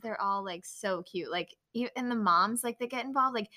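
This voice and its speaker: Bright-voiced young woman chatting. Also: medium pitch, moderate pace. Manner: rambling, many fillers and restarts. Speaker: event panelist. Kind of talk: casual chat.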